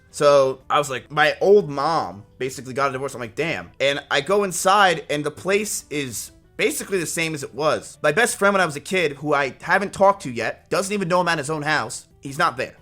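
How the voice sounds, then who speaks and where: A man's voice: fairly high pitch, bright, forceful tone. A man in his twenties casually telling a rambling story to his stream chat, swearing often. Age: 20s.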